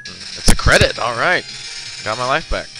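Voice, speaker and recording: A young man chatting his way through a game, rambling and cursing freely whenever things go wrong. His voice sits at a middling pitch, captured on a crackling, over-boosted computer mic. Loud game music plays constantly underneath. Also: sing-song, moderate pace, vocal fry. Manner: rambling, profane, swears often when losing. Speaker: let's player. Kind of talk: casual gameplay commentary. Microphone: boosted computer mic with crackling audio.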